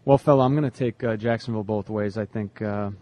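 Lowish voiced guy on a sports panel, playful, needling everyone. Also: fast talker, dark tone. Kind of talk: casual sports panel chat.

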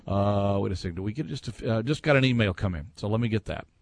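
A gravelly, darkish, lowish voice belongs to an animated, fast-talking man, recorded with no echo. As host of a casual sports talk show, he reads listener messages aloud and reacts with opinions.

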